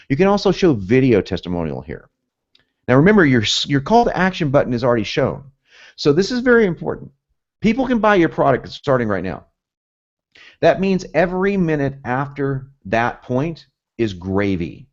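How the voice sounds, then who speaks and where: A man's voice: mid-range voice, sing-song, normal speed, darkish tone, dull audio. A man with a Southern US accent with some Northern traces, teaching a copywriting course in an emphatic, pumped-up way, full of repetition and asides. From United States, both North and South. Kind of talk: energetic teaching talk.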